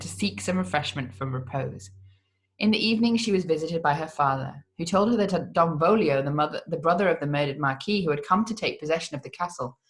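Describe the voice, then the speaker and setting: A measured narrator reading old gothic fiction aloud at a mid pitch. The delivery is deliberate and steady, with the occasional stumble corrected on the spot. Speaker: audiobook reader.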